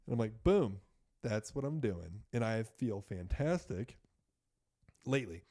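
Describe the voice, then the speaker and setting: Brief: thirties guy, casual storyteller, lively swings in pitch, swears freely. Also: a little slow. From United States. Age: 30s. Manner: animated, swearing, acts out doctors in quoted voices. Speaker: podcast guest.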